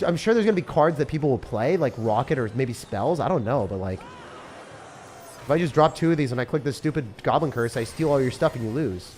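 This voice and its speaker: A young man commentating his own gameplay as a streamer, excitable and sarcastic, mocking what he complains about. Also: a little high, slight background noise. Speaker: game streamer. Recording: faint music behind.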